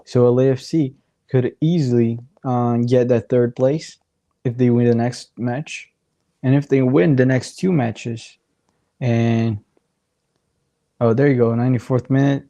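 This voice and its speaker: A man talks through a soccer match on a casual watchalong stream, his voice going hoarse. He speaks slowly and unhurriedly in a mellow, dark tone, rambling as he tallies up points and games aloud. The sound is dry and close, with no room echo. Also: mid-range voice, steady tone. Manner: rambling, chatty, counts out standings aloud. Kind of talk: casual live match commentary.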